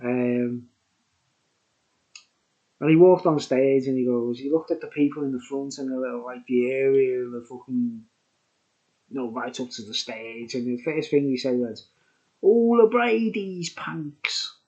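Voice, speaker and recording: A man's voice: medium pitch, fairly even intonation, moderate pace, pauses often, mellow. Rambling tipsy man, lo-fi. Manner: rambling, tipsy, chuckling, says "like" a lot. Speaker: beer reviewer. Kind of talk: rambling casual chat.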